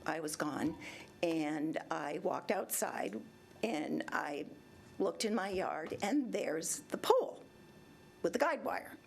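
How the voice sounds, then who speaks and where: A woman's voice: sits low, lively intonation, takes it slowly, vocal fry, a little hiss or hum. A woman in her seventies addressing a city council chamber, telling her complaint in a rambling way and acting out both sides of past conversations. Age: 70s. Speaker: resident speaking at public comment. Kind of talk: recounting a personal complaint.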